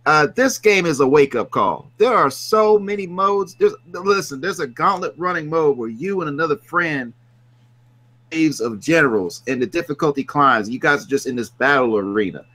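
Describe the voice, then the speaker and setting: A man co-hosts a casual gaming podcast with a bright, forward tone. He talks with enthusiasm, hyping games and tossing in quips. His delivery is that of easy chat between friends. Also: on the high side, lively intonation, moderate pace. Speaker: podcast co-host.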